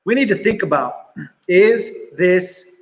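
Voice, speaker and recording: A man's voice: high-pitched, animated, takes it slowly. A young man preaching to students as a youth pastor, telling a story in a casual, earnest way with lots of fillers. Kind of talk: youth sermon. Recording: reverberant hall.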